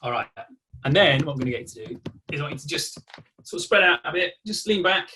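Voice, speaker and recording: A man's voice: on the high side, lively intonation, fast talker, bright, forceful tone, a little hiss or hum. A man presenting a live online workshop over a video call, talking in a conversational way and acting out examples of self-talk.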